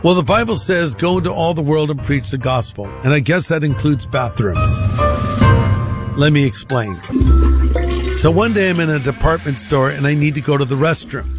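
A middle-aged male pastor telling a humorous personal story, acting out the dialogue in a dry, droll way. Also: on the high side.

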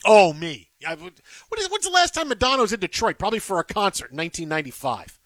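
A man with a high voice, co-hosting a casual sports talk show. He rants in an animated way and stumbles over repeated words. The sound is close and dry, with no room around it. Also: fast, no room sound. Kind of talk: casual sports radio banter.

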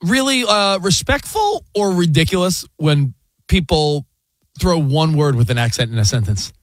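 Male radio co-host, slightly high and very lively delivery, rambling and jokey, dry studio sound. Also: moderate pace, no echo. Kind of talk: casual sports radio chat.

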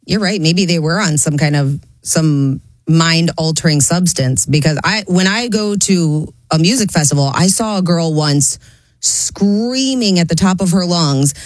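A woman's voice: on the low side, a little slow, no echo. A woman on a radio show chatting casually, telling a loose, chatty anecdote.

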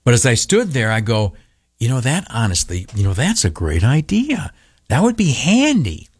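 Older male radio humorist, animated, lively pitch. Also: moderate pace, breathy edge, no room sound. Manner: animated, acts out dialogue in raised voices. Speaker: radio commentator. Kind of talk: humorous storytelling monologue.

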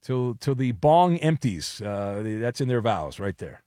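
A man's voice: mid-range voice, sing-song, a little slow, mellow, no room sound, studio quality. A man hosting a sports radio call-in show, teasing callers in a joking way.

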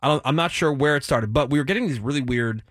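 A man's voice: medium pitch, no room sound. Chatty male radio host, dry studio sound. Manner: relaxed, chatty, quick asides. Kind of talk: casual morning radio chat. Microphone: studio microphone.

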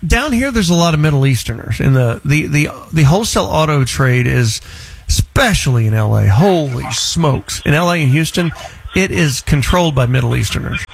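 A man's voice: on the high side, animated, normal speed, creaky, slight background noise. Blunt, teasing man host. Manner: blunt, teasing, restless restarts. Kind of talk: casual interview.

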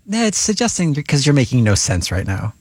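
A man's voice: mid-range voice, very animated, brisk, darkish tone, breathy edge, no echo. A man co-hosting a morning radio show, asking questions and bantering wryly. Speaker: radio co-host.

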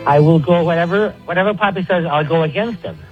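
A man's voice: on the high side, fast talker. A man who is a regular caller on a sports radio show, chatting in an offhand, joking way over the phone. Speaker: regular caller making picks. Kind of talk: casual radio banter. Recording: muffled phone line with faint music.

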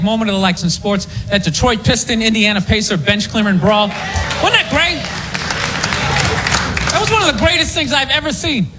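A man performing a live stand-up set, blunt and ranting, shouting his punchlines. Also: high-pitched. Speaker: stand-up comedian. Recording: live club recording with loud crowd and noise.

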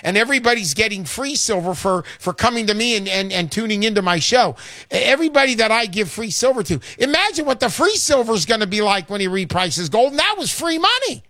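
Loud high-voiced man hosting call-in radio. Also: very animated, a little fast, no room sound. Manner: loud, salesman-like, shouting jokes. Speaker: radio show host.

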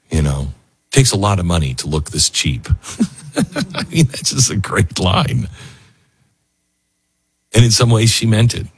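Man, talk host, husky voice, lively pitch, earnest and emotional. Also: slow, pauses often, dry recording. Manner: earnest, emotional, talking through tears. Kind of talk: emotional commentary.

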